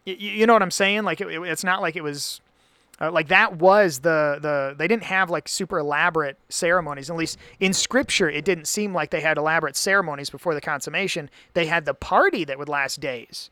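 A man's voice: fairly high pitch, a little fast, bright, forceful tone, no room sound. A man in casual Bible study talk, rambling and correcting himself with many fillers.

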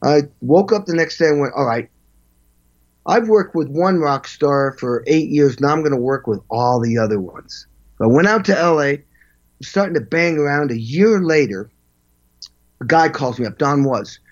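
A man in an interview telling animated stories as a session drummer, acting out quotes and vocalizing drum parts. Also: on the high side, moderate pace, dull audio. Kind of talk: storytelling interview.

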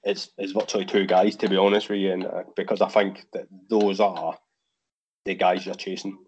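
A very deep-voiced Scottish man talks in a relaxed, rambling way, often restarting his sentences. The audio is a little dull and muffled. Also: moderate pace, slight background noise. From Scotland. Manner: rambling, frequent restarts, laid-back. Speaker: guest, figure customizer. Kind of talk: casual podcast chat.

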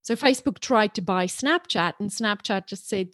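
A chatty woman from South Africa whose accent blends South African, British and Australian sounds. She talks as a podcast guest in an animated, playful way, and the sound is close and dry. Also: medium pitch, moderate pace, dry recording. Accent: mixed South African, British and Australian. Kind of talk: podcast interview.

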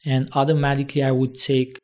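A host in casual talk speaks in a middle pitch, trading brief reactions with a guest. They tell a reflective personal story in an easygoing way. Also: flat delivery, fast, a little mellow. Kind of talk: casual conversation.

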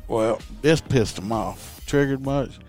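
A creaky, medium-pitched voice moves slowly as a middle-aged former officer chats casually on a podcast. He tells a profane story, animated throughout, taking on both roles in the argument, with soft music playing.

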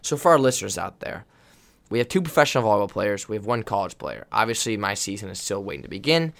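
A man's voice: lowish voice, big pitch swings, quick pace, vocal fry, a bit bright. Playful man hosting a podcast. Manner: playful, interrupting. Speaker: podcast host, college volleyball player. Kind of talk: casual chat.

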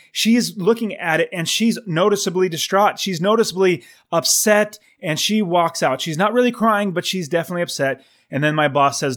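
A man in his thirties tells a personal story earnestly, and his voice sits a little higher than most men's. He acts out his own inner thoughts with lively feeling as he goes. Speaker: investor telling his story.

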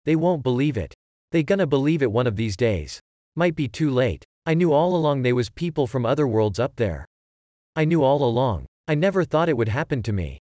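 A man voicing a gruff older man who is shaken but tries to calm a younger one. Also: medium pitch, fairly quick, no echo, studio quality, natural voice. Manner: gruff, consoling, insistent.

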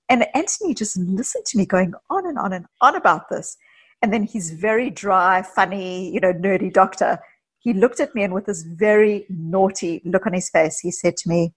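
A woman psychologist, a guest in an interview, talking earnestly and telling personal stories with quick asides. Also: mid-range voice, husky. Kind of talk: casual interview conversation.

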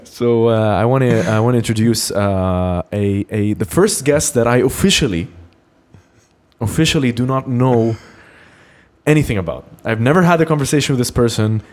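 A man's voice: mid-range voice, a little mellow. Laughing, stumbling male podcast host. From Lebanon. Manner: laughs often, halting restarts. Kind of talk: casual podcast interview.

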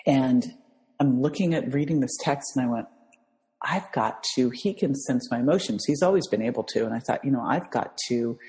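A woman's voice: very deep voice, big-room sound, poor audio. A mother telling an emotional story in conversation, acting out the voices of the people in it and laughing often. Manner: animated, acts out quoted voices, laughs often. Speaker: guest, mother.

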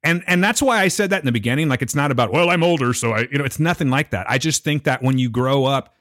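A man's voice: mid-range voice, fast talker, fairly bright tone, no echo, clean studio sound. A middle-aged man co-hosting a podcast, chatting animatedly and often checking that he is understood. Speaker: podcast co-host. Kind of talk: casual chat.

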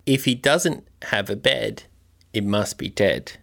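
A man co-hosting a comedy podcast, answering his partner's jokes with dry deadpan lines. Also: fairly low pitch, slow, vocal fry. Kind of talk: improvised comedy banter.

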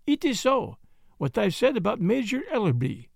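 A self-assured Belgian sleuth with a French accent, put on by a man reading an audiobook. He pokes with precise, needling questions, his pitch lifting high and swinging widely, over a gravelly edge in a dry, close sound. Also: big pitch swings, normal speed, dry recording, heavily acted. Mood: probing. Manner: precise, needling questions with sudden sharp jabs. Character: shrewd middle-aged Belgian detective, probing and self-assured. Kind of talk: audiobook character voice.

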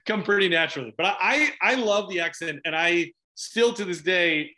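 A middle-aged man from Chicago, an actor chatting in an interview, animated and quick to laugh, with lots of restarts. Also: sits high, a little hiss or hum. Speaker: actor guest. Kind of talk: casual interview chat.

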